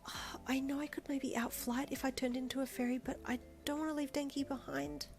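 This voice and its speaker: A woman's voice: flat delivery, brisk, lightly acted. Woman doing a pleading young fairy princess. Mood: urgent whisper. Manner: pleading, urgent, high and bright. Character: shy young fairy princess, anxious but brave.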